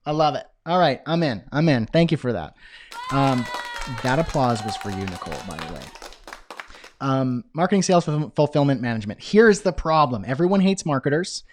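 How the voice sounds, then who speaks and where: A man teaching a live online business course, talking in an energetic, chatty way with self-deprecating asides. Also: medium pitch, brisk, a faint crowd, slight background noise. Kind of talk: live webinar presentation.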